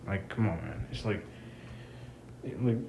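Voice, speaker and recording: A man's voice: deep voice, measured pace, gravelly, a little mellow, slight background noise, rough recording. A man giving a casual, rambling wrestling review, frustrated and swearing freely. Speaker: wrestling commentator vlogger.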